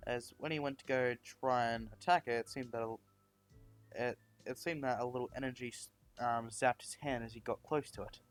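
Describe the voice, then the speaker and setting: A man's voice: medium pitch, steady tone, moderate pace, soft background music. Man rambling through a fan story. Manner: rambling, many fillers and restarts.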